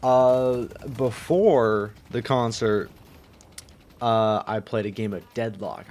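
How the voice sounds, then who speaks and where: A man's voice: fairly low pitch, slow pace, a little mellow. A young man who just woke up, chatting casually and rambling with lots of fillers and swearing. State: just woken up. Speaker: vlogger. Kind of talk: casual chat.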